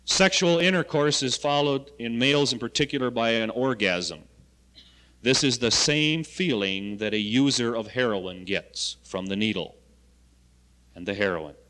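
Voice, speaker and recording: Animated male lecturer in an echoing hall. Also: mid-range voice. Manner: animated, swings from loud emphasis to quiet asides. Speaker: school health education coordinator. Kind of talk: lecture to students. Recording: archival 1970 lecture recording in a reverberant hall.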